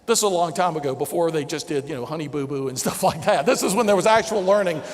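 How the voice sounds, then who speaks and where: A man with a Southern drawl delivers a lively storytelling keynote and chuckles at his own anecdotes. His voice sits high for a man. The long reverb of a huge convention hall trails after each phrase. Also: fast talker. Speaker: motivational keynote speaker. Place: large convention center hall before a big audience.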